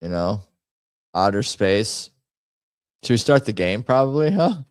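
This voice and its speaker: A man's voice: on the low side, big pitch swings, measured pace, dry recording. A man hosting a casual livestream, rambling and muttering to himself as he types up a poll. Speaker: host.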